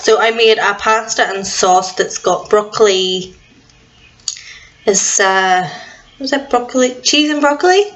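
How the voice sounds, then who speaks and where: A woman's voice: medium pitch, unhurried, a bit bright, a little hiss or hum, rough recording. A young woman vlogging at home in casual, rambling chat, a little self-deprecating about what she can't do. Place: at home indoors.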